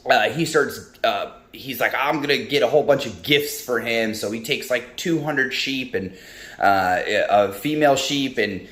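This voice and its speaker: A man's voice: medium pitch, fairly bright tone. A man casually retelling a Bible story in a devotional talk, rambling with many ums and restarts. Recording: roomy echo, faint music.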